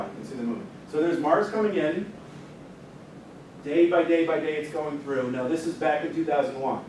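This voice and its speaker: A physics teacher with a fairly high, darkish-toned voice gives a club an informal astronomy lecture in a meeting room full of listeners. He's chatty, jokes with the audience, and directs helpers through a demonstration. Audio comes from a far-off mic in an echoey room, with faint noise.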